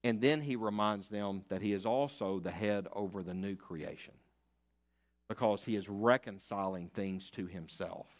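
Fiery older pastor. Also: male voice, on the low side, normal speed. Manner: fiery and emphatic, swinging from loud declarations to hushed asides. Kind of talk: sermon. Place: church sanctuary.

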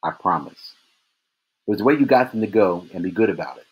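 A man reading a novel aloud in steady first-person narration. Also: on the low side, very fast, breathy edge. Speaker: reader.

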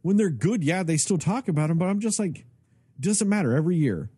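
A male podcast co-host rants in a casual, profane way, his pitch swinging widely. His voice is dark and a little husky. The sound is dry and close. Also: brisk, no echo. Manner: profane, ranting, animated. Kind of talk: casual chat.

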